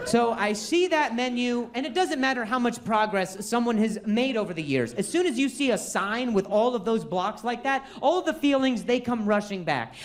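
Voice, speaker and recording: Stuttering stand-up comedian. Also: male voice, very high-pitched. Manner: stutters, self-deprecating. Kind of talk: stand-up storytelling. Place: comedy stage, audience laughing.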